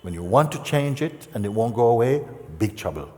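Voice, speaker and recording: A man giving a gentle, conversational spiritual talk in a large hall, acting out the people he quotes. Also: mid-range voice, expressive, brisk. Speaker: spiritual teacher. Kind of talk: satsang talk. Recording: reverberant hall.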